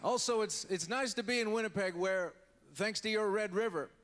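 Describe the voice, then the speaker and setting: A man doing an impression of a male US president, giving a slow, deliberate speech with pauses on a live comedy stage. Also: sits high, a bit bright. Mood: solemn. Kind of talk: stand-up impression. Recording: hall reverb, faint crowd ambience.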